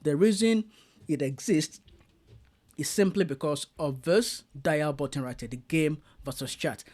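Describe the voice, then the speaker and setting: A man's voice: fairly high pitch, measured pace, a little mellow. A man giving a casual, chatty review of a streaming mixer, showing the features as he goes. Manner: chatty, demonstrating gear live. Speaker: tech reviewer.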